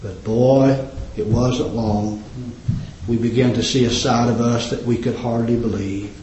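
An impassioned man delivers a sermon, his voice climbing into high, ringing cries before dropping low again. His voice rings around an echoing room. The recording sounds a little dull. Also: steady tone, measured pace, dark tone, slight background noise. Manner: impassioned, rising to high exclamations. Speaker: preacher. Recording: roomy, slightly dull recording.

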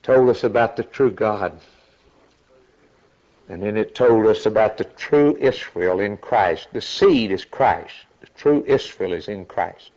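A man preaching at an unhurried, deliberate pace. His delivery is dramatic, rising to loud, high-pitched cries. The recording is dull and lo-fi. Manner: slow, dramatic preaching that climbs to high shouted peaks. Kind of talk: sermon.

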